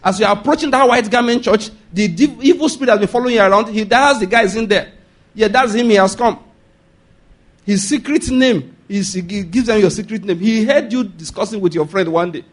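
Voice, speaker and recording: A Nigerian-accented man preaching a sermon, animated, laughing often and asking the congregation if they follow. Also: sits high, a little fast.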